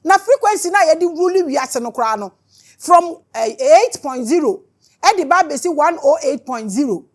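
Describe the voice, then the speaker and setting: A spiritual teacher with a Ghanaian accent speaks at a normal speed, her voice high and expressive. Her talk is impassioned, fiery and scolding, and she switches between Twi and English throughout.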